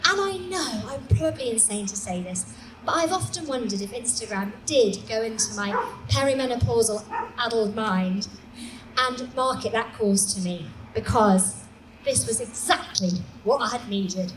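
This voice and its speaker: A woman in her forties tells comic stories live on a small stage, animated and self-mocking. Her voice sits high, and the room echoes with steady noise behind her. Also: normal speed, recorded from a distance. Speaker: storyteller. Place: small comedy venue, indoors.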